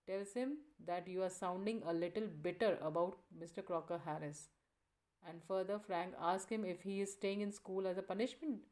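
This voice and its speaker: Woman teacher going thru a play scene, kinda low voice, pauses a lot. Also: darkish tone. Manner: reads quoted lines aloud, with pauses and fillers. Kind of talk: explaining a play scene in a lesson.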